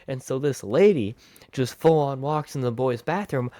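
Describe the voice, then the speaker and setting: Guy doing a storytime vlog, super lively up and down voice, dry close sound. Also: mid-range voice, normal speed, no echo. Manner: animated, expressive storytelling. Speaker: vlogger.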